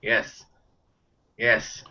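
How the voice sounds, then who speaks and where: A man voicing a proud, fussy older shopkeeper who explains things with deliberate care, on a dull lo-fi recording. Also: bright, forceful tone, exaggerated voice. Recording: dull lo-fi sound.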